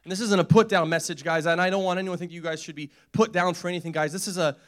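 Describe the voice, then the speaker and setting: A man's voice: high-pitched, steady tone, rapid-fire, hardly any pauses. Young man preaching a casual sermon. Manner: conversational, repetitive, laughs often. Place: church.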